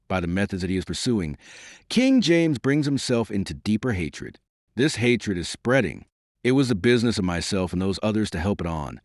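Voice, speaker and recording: A man voicing a calm, dignified male conspirator who speaks slowly and quietly, in an audiobook. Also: on the low side, dry recording, clean studio sound.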